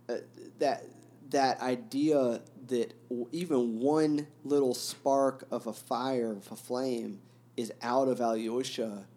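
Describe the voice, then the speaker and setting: A man co-hosting a casual book discussion, earnest and halting, with many restarts as he thinks aloud. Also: mid-range voice, warm tone.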